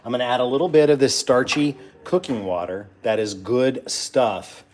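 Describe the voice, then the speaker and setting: A man's voice: medium pitch, moderate pace, darkish tone. Guy cooking mac and cheese in his kitchen, jokey, lots of ums and uhs, regular middle voice. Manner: joking, rambling with many fillers. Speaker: home cook and show host. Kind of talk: casual cooking demo with banter. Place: home kitchen.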